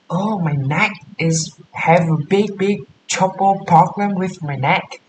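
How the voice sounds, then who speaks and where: A man walking through coding exercises aloud, halting, repeating and correcting his words as he thinks. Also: sits high. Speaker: coding tutor. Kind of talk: casual screen-share coding walkthrough. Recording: roomy echo with faint hiss.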